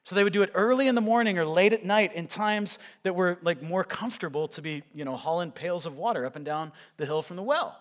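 A male pastor delivers a sermon in a conversational storytelling way, paraphrasing scripture for his listeners. His voice sits a little higher than most men's. He talks through the story rather than declaiming it. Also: brisk, hardly any pauses.

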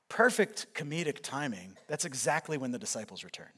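A man's voice: mid-range voice, big pitch swings, a little fast, hardly any pauses, sharp tone, husky. A male pastor preaching a sermon, retelling a scripture story in a conversational way.

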